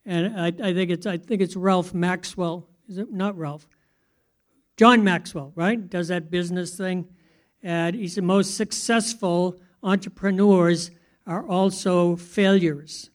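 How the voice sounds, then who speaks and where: A man delivers a sermon with a notably high voice. He keeps it conversational and often turns to his listeners with questions. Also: steady tone, slow. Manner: conversational, asks the audience questions. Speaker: pastor.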